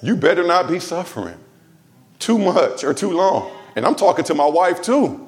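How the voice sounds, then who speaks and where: A pastor from Los Angeles gives a church sermon at a normal pace, his voice high-pitched and sing-song. He chats with the congregation, slipping in jokes and asides as he goes.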